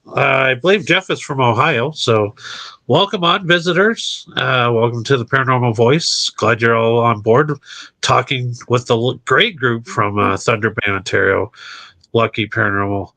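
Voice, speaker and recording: Brief: man with a bright, forceful voice, friendly live-show host. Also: medium pitch, unhurried. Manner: friendly, filler-heavy.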